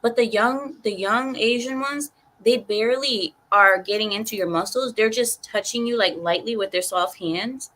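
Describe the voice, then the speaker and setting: A woman's voice: on the high side, moderate pace, few pauses, fairly bright tone, slight background noise. A woman hosting a casual livestream, reading chat comments aloud in a chatty, rambling way and laughing often.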